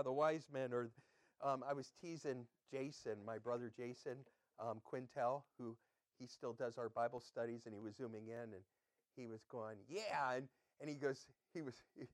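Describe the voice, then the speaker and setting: A man's voice: medium pitch, no echo, studio quality. A man pastor giving a conversational sermon, quizzing his listeners and chatting with them between readings.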